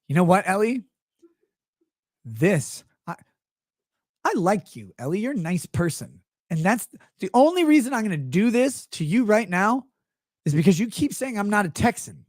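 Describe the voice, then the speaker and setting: A man's voice: high voice, big pitch swings, measured pace, pauses often, no room sound, studio quality. A man hosting a livestream, ranting about everyday gripes with profanity and sarcasm, and reading chat messages aloud. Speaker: livestream host.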